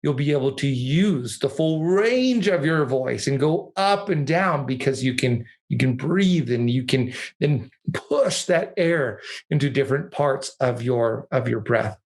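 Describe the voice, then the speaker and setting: Male podcast host; measured coaching delivery, guides the talk, video-call sound. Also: medium pitch, expressive. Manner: speaks in measured coaching points, steers the talk. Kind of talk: casual podcast conversation.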